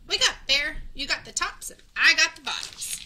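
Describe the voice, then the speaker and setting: A woman voicing a clever, cunning male hare in a storybook, calling out cheerfully and loudly. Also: medium pitch, sing-song, a little slow, slight background noise, full character voice. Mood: sly cheer.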